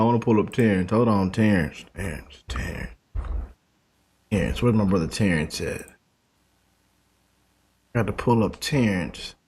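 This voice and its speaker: A man's voice: on the low side, darkish tone, slightly rough. A male show host giving casual commentary, loose and talkative, calling his audience family.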